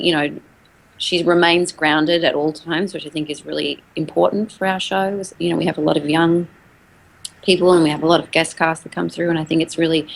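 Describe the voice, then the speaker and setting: An actress chatting as a guest on a video call, relaxed and thoughtful. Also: female voice, low-pitched, vocal fry, low-quality recording. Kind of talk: casual chat.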